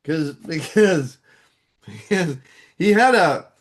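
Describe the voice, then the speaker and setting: A man who works as a voice actor, a guest in a casual interview, telling animated stories and laughing often. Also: a little high, slow pace.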